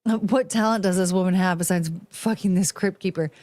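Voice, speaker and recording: A woman's voice: lowish voice, fairly even intonation, moderate pace, darkish tone. A woman hosting a podcast, giving blunt, profane commentary on video clips and dropping into mocking impressions. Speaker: podcast host.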